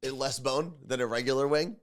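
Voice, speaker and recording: Male co-host for casual morning banter, chatty and opinionated, mid-pitched. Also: a little fast. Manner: chatty, opinionated, repeats words while thinking. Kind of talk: casual radio show banter.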